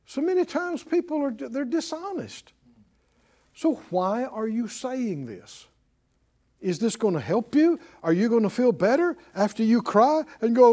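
A man's voice: high voice, big pitch swings, normal speed, warm tone. A man preaching a sermon, firing rhetorical questions at his congregation. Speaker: pastor.

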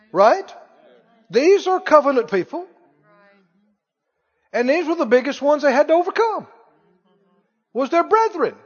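High-voiced emphatic preacher. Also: male voice. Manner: animated, emphatic, with sharp swings in loudness. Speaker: pastor. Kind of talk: sermon. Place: church hall. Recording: dull audio with long hall reverb.

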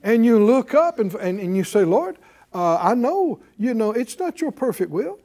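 High, animated preacher man. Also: moderate pace. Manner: lively, emphatic, call-and-response preaching. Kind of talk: sermon.

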